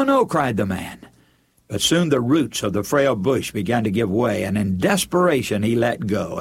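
In a slightly husky voice, a male preacher gives an earnest sermon, his pitch rising and falling freely. He addresses his listeners as friends.

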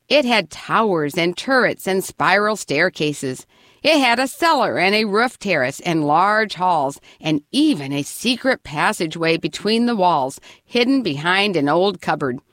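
A woman narrating a children's storybook in an expressive, lively reading voice. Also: on the low side, no echo, studio quality.

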